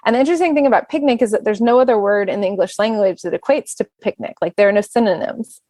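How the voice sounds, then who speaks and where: A woman who is a singer and bandleader, chatting as a guest in a relaxed, reflective way. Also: mid-range voice, fast, no room sound. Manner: chatty, reflective, speeds up when listing plans. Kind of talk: casual conversation.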